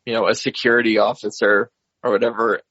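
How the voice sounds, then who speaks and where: A man co-hosting a podcast who retells a film's plot in a measured, slightly hesitant way, with a husky voice. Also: fairly low pitch, flat delivery, a bit bright, no echo, highs cut off. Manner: measured, hesitant, recounts scenes step by step. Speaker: podcast co-host. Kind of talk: casual film discussion, retelling the plot.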